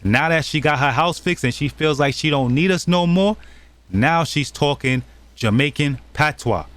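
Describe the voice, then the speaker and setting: A man's voice: a little high, moderate pace, fairly bright tone. A man hosting a channel, talking over clips in an accusatory, scolding commentary. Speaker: channel host.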